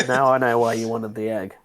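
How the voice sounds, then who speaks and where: A man narrating a tabletop role-playing game as its game master. His pitch sits in the middle, and he tells the scene loosely, with plenty of restarts and fillers. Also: fairly even intonation, moderate pace, a bit bright, a little hiss or hum.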